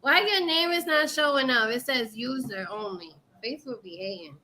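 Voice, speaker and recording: A woman from New York hosting a casual livestream chat, loud and laughing with lots of swearing. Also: sits high, normal speed, a little hiss or hum. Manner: loud, laughing, profane banter. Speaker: livestream show host. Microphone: livestream setup, video call.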